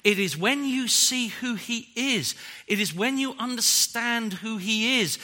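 Male preacher, dramatic sermon delivery, bright and high, very animated pitch. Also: a little slow. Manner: dramatic preaching that swings from loud to hushed.

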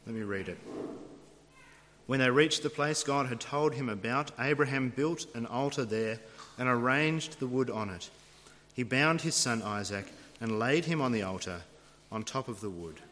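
A man's voice: medium pitch, animated, normal speed, a bit bright. Preacher man in a reverberant hall. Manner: dramatic storytelling with vivid retelling. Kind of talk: sermon. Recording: long reverb of a large hall.

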